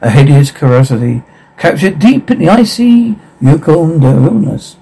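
A showy circus ringmaster, read out by a man, calling to the crowd like a barker. The voice is gravelly, a little husky and dark in tone, and it sits a touch high for a man. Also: very animated, moderate pace, heavily acted, low-quality recording.

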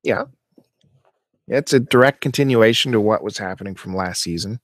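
A man with a fairly low voice co-hosts a casual podcast chat, recorded dry and close. He talks easily and breaks into animated, exasperated rants. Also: normal speed, no room sound. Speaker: podcast co-host.

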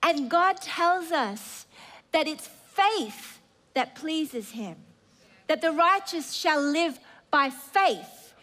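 Woman preacher, high voice, unhurried, earnest and emphatic delivery with occasional restarts. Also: expressive, fairly bright tone. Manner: earnest, emphatic, drawn-out phrases with stammering restarts. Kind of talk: sermon.

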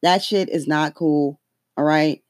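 A podcast host in a casual political rant, talking in a profane, heated, emphatic way with sudden leaps in pitch when outraged. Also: fairly even intonation, slow, no room sound, studio quality.

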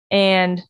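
A woman hosting a podcast, telling a personal faith story in an earnest, candid way that often drops to a hush. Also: no room sound, studio quality. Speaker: podcast host.

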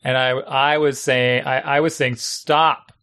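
Casting: middle-aged man, coach type, bright forceful tone, animated storyteller. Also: medium pitch, a little slow, clear, resonant tone. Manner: animated storyteller, acts out yelled lines. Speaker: youth sports coach and parent. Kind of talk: casual chat.

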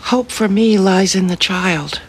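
A severe female judge in a TV courtroom drama delivers measured, unyielding pronouncements. Her voice is husky and low on breath. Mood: firm.

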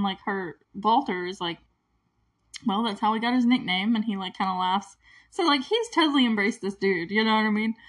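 A woman casually recapping a movie plot, chatty and giggly, with constant "like" fillers. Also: medium pitch. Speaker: movie reviewer. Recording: voice a bit distant from the mic.

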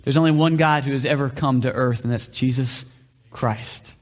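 Here a man with a mid-range voice preaches at normal speed, his intonation fairly even. The sermon is conversational, full of questions to the listeners and changes of pace, and the church hall adds a long reverb.

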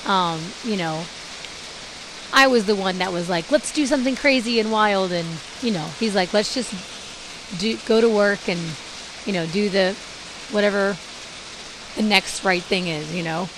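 A woman in her forties telling her life story in a casual podcast monologue, talking in lively bursts and acting out the dialogue she quotes, with many fillers. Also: mid-range voice, measured pace, pauses often. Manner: animated, acts out quoted dialogue, frequent fillers. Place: indoors during heavy rain. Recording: faint hiss and rain noise.

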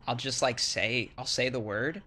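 A man's voice: mid-range voice, moderate pace, bright, forceful tone. A man casually explaining language sounds in a rambling way, full of "like"s, restarts and demonstrations. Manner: rambling, filler-heavy, with many "like"s and restarts; acts out word sounds to demonstrate. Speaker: English-speaking foreigner explaining Thai sounds. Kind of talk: casual chat.

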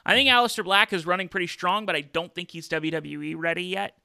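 A man's voice: high-pitched, steady tone, fast, gravelly, sharp tone, clear, resonant tone, dry recording. A man hosting a casual wrestling podcast, chatty, with many fillers and restarts. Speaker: podcast host.

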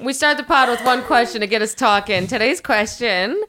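A woman's voice: on the high side, moderate pace, noisy background. A young woman hosting a podcast, chatting casually and jokingly with friends, often laughing. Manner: giggly, joking, interrupting friends. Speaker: podcast host. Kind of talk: casual chat.

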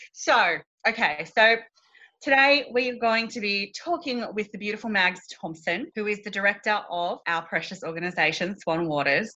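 A woman's voice: on the low side, sharp tone, dull audio. A woman interviewing a guest in a playful, bubbly, casual manner. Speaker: podcast interviewer.

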